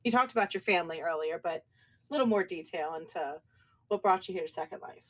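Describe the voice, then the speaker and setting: A woman's voice: lowish voice, quick pace, a bit bright. A woman hosting a casual interview, reacting with laughs and short encouraging remarks. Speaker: host.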